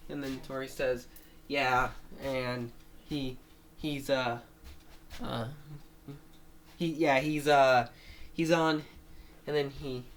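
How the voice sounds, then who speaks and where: A man's voice: mid-range voice, fairly even intonation, slow, pauses often, slight background noise. A man casually retelling a made-up story, rambling with many restarts, fillers and small laughs.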